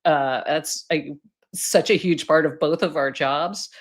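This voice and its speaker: A woman's voice: low-pitched, a little slow. A woman reporter as a podcast guest, talking things through with hedges and fillers. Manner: thoughtful, hedging with fillers. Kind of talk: casual podcast chat.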